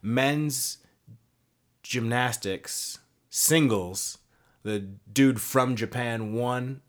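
A man in his thirties hosting a podcast, chatting in a relaxed and rambling way and swearing casually. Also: mid-range voice, very slow. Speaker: podcast host. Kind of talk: casual chat.

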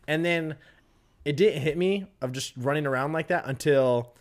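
A man in casual chat, telling stories in a crude, animated way and swearing freely. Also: fairly high pitch, normal speed. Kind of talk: casual chat about boot camp.

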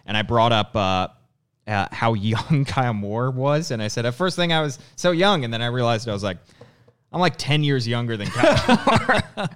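A man's voice: mid-range voice, animated, moderate pace, a bit bright, clear, resonant tone. Chatty young man co-hosting a podcast. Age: 20s. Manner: chatty, rambling, laughs at himself. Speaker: podcast co-host. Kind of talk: casual sports podcast chat.

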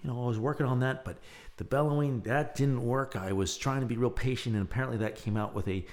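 A middle-aged man hosting his own show, talking casually in a loud, animated way and laughing at his own jokes. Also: mid-range voice, fast. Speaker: podcast host. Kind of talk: casual monologue with dad jokes.

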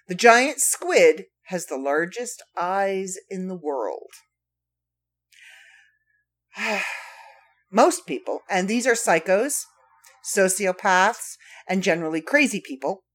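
A woman's voice: lowish voice, expressive, a little slow. A woman hosting a casual solo podcast, reading trivia facts aloud with playful, wry asides to her listeners. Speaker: podcast host.

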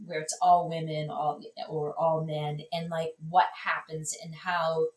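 A woman film critic, a guest in a casual conversation, talking in an animated way with many fillers and restarts. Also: low-pitched, a little slow. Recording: echoey room, distant mic.

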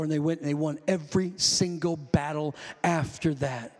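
A man preaching a fervent sermon in a church, often shouting calls to the congregation. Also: a little high, fairly even intonation, moderate pace. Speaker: pastor. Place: church sanctuary. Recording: long hall reverb.

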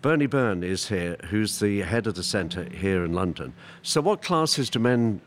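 A man hosting a panel discussion, introducing guests and topics calmly. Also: lowish voice, a little slow, slight background noise. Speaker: radio host moderating a panel. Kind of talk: moderating a discussion.

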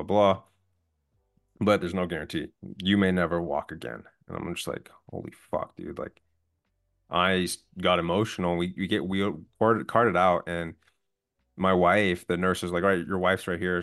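Guest, man in his 20s, low register, earnest and candid storyteller, plain-spoken. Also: clear, resonant tone. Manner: calm, earnest, candid with profanity. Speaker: podcast guest. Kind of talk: personal storytelling.

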